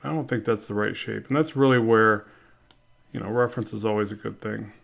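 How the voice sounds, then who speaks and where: A man's voice: lowish voice, fairly even intonation, a little fast, creaky. A man teaching drawing in a casual tutorial, thinking aloud as he works and correcting himself often. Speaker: art instructor.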